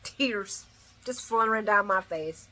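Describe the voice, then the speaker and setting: A woman hosting a casual recap, talking emotionally and rambling, sometimes shouting her reactions. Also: medium pitch, measured pace. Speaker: soap opera recap host.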